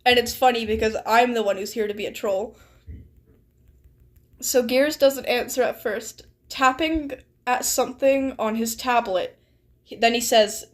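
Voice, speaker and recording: A woman streamer narrating a game in a casual, sarcastic way. Her voice sits high and she often giggles and swears. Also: unhurried. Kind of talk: casual live-stream chat.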